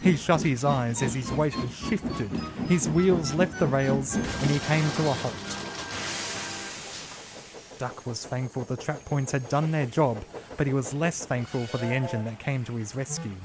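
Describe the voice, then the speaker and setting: A man reading a children's railway story in a slow, measured storytelling manner. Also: mid-range voice. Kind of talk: scripted storybook narration. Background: music.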